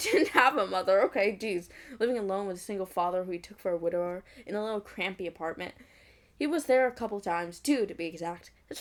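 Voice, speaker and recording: A young woman reading a fan fiction aloud, breaking off into giggly, mocking asides. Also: medium pitch. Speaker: fanfic reader.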